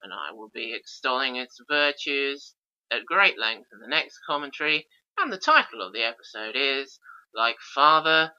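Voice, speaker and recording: A man's voice: mid-range voice, very animated, normal speed, pushed and bright, clean tone. A man giving a casual audio commentary on an episode, enthusiastic with wry asides. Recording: dull lo-fi recording.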